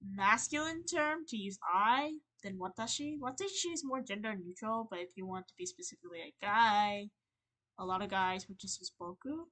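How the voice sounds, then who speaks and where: A young woman on a livestream, venting in a rambling, halting, earnest way, full of fillers and restarts. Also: mid-range voice, animated, fairly bright tone. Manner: earnest and emotional. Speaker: streamer.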